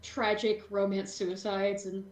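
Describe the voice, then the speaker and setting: A woman running a tabletop game as game master in casual chat, animated and playful, often slipping into silly voices. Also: mid-range voice, unhurried, roomy sound.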